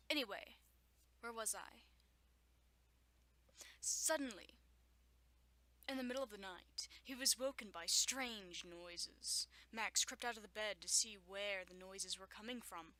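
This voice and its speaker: A woman's voice: medium pitch, measured pace, pushed and bright, no room sound. A young woman at home reading a children's story aloud, often stopping to joke, laugh and make sarcastic asides. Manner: frequent laughter and stumbles. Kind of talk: reading aloud with running commentary.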